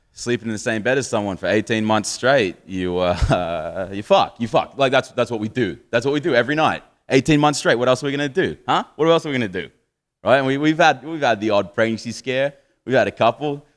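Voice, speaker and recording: A man in his thirties with an Australian accent, performing a crude, rambling stand-up set on a live stage and chuckling at his own jokes. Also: on the low side. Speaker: stand-up comedian.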